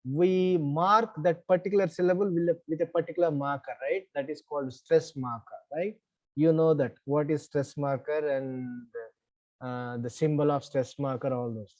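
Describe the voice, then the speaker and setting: A man's voice: a little high, mellow, lo-fi sound. A man with an Indian English accent, teaching an online class, explaining step by step and checking in with students. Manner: repeats "right?" as check-ins, measured explaining.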